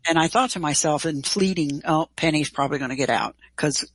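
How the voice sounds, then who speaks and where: A middle-aged woman telling a personal story in an interview, animated and casual, acting out quoted dialogue. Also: low-pitched, a little fast, no room sound, rough recording. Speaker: guest.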